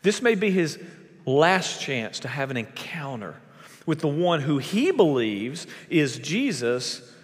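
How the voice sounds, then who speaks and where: A man's voice: big pitch swings, slow. Preaching man in an echoing hall. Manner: emphatic preaching with big swings in pitch and volume. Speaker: pastor. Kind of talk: sermon.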